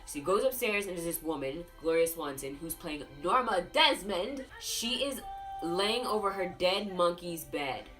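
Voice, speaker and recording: A woman with a notably low voice rambles through a tipsy film review, swearing freely and gossiping as she tells the story. Music plays clearly behind her. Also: lively intonation, normal speed. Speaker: host. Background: music playing.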